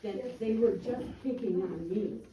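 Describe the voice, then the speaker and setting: A woman giving a plain, halting account with frequent ums, speaking as a resident at a community meeting. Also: medium pitch, dull audio. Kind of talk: public comment at a meeting. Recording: echoey room, distant mic, faint noise.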